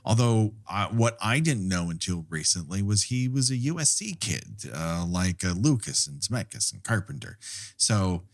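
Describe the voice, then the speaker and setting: A man's voice: on the low side, sing-song, moderate pace, creaky. A man co-hosting a podcast, chatting casually about a film, laughing often, swearing freely and going off on rambling asides. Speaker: podcast co-host.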